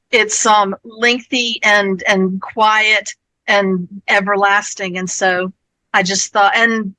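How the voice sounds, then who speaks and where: A woman's voice: medium pitch, no room sound, low-quality recording. A woman on a convention panel, chatting and retelling stories with feeling and plenty of ums. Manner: chatty, retells stories with warmth and many fillers.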